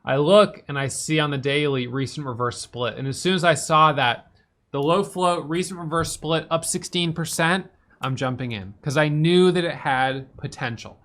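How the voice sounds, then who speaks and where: Tired man recapping his trading day. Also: a bit bright. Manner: fast, filler-heavy talk with restarts, "boom" for quick actions. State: tired, yawning. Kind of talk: casual spoken trade recap.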